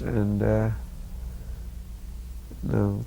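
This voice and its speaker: A man recounting memories in an interview, measured and plain, with frequent fillers. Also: on the low side, flat delivery, creaky, darkish tone. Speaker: former disciple recalling memories. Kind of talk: reminiscing interview.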